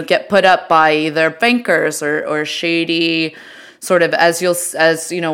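Smooth, low-voiced female podcast co-host. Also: a bit bright. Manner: laughing, conversational, lots of "you know" and "like". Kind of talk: casual political podcast chat.

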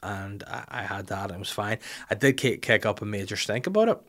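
A man's voice: lowish voice, animated, brisk, a bit bright. Crude, rambling man telling stories. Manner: rambling, jokey, crude, self-mocking. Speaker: podcast host telling an anecdote. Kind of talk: casual storytelling chat.

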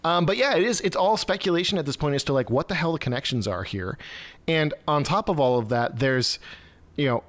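A man's voice: a little high, animated, fairly quick, a bit bright. A man hosting a live stream over a video call, giving rambling, sarcastic news commentary full of fillers and restarts.

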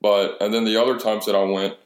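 Young man, twenties, very low voice, swears a lot, casual storytelling, echoey room. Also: flat delivery, quick pace. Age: 20s. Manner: profane, storytelling with quoted dialogue. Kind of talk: casual chat.

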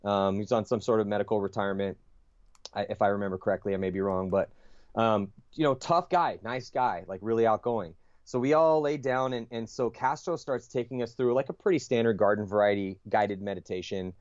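A man's voice: on the low side, fairly quick, a little mellow, no echo, lo-fi sound. A man, a podcast guest, telling a long story in a casual, rambling way, full of fillers, restarts and swearing.

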